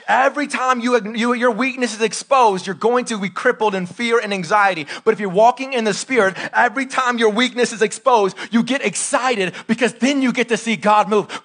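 Preaching live, this thirtysomething pastor has a very high-pitched voice with a breathy edge. He alternates urgent, loud passages with soft, intimate asides and asks his congregation questions directly.

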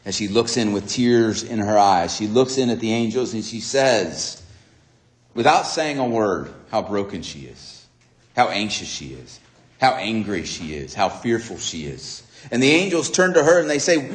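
A man preaching a sermon, retelling a story dramatically and acting out its dialogue with swings between soft and raised delivery. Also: lowish voice, very animated, normal speed, reverberant.

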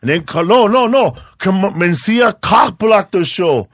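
A man's voice: high voice, animated, measured pace, a bit bright, dry recording, clean studio sound. A middle-aged man hosting a podcast, chatting casually with a playful, teasing tone, swearing and calling his guest bro. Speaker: podcast host, comedian. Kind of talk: casual chat.

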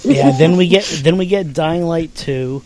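A man's voice: a little high, unhurried, warm tone. A man co-hosting a podcast in casual chat, eager and stammering as he restarts. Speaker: podcast co-host. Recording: noisy background.

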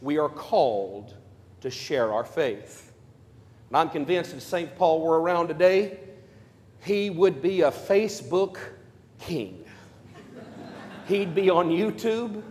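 A priest preaching at a conference, emphatic and telling stories with playful asides. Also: male voice, a little high, animated, slow pace, long pauses, darkish tone. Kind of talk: conference sermon. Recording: long hall reverb.

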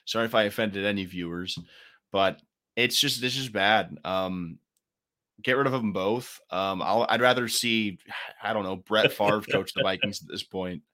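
A podcast co-host with a fairly low voice speaks at a normal speed, his tone pushed and bright. He rambles and jokes through a casual sports talk show, heavy on fillers and restarts.

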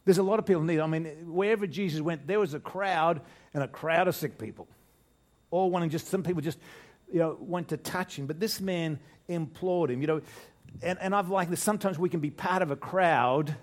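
Older preacher with a higher voice. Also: male voice, a little fast. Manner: informal, repeats and restarts phrases, asks the congregation rhetorical questions. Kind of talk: conversational sermon. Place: church, speaking to a congregation.

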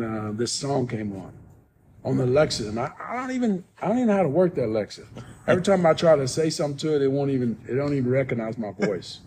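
A man as a podcast guest, telling a personal story in casual talk, soft-spoken and rambling with many restarts. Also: medium pitch, a little hiss or hum.

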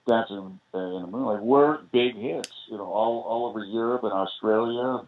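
An older American man, a guest musician on a podcast, spins long, meandering anecdotes packed with "you know"s. His voice sits fairly low and moves at a normal speed, coming through a tinny phone line.

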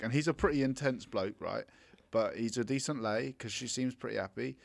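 A man's voice: medium pitch, brisk, creaky, dry recording. A man co-hosting a casual film review podcast, sarcastic and swearing freely. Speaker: podcast co-host.

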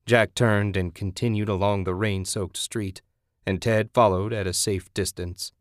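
A man narrating a novel as an audiobook reader in a measured, even delivery. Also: lowish voice, dry recording, studio quality.

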